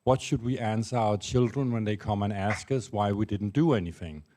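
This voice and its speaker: A man in a conference audience sets up his question step by step. His voice is low and mellow, and he speaks in a measured way. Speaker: audience member asking a question.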